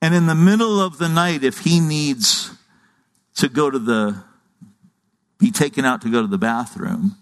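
A man's voice: medium pitch, measured pace, pauses often, a bit bright. A middle-aged man preaching a sermon, earnest and conversational, often restarting his sentences. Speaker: pastor. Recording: long hall reverb.

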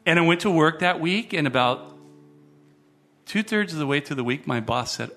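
High, bright-voiced preacher man. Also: moderate pace. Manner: lively, acts out quoted voices, stutters and restarts. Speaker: guest pastor. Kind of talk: sermon.

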